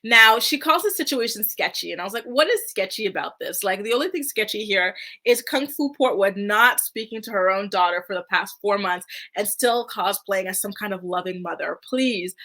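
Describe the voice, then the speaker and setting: A woman's voice: mid-range voice, expressive, normal speed, few pauses, bright, forceful tone. A woman hosting a reality TV recap, chatting casually in a sassy way and saying "like" a lot. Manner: sassy, chatty, heavy use of "like". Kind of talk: casual commentary.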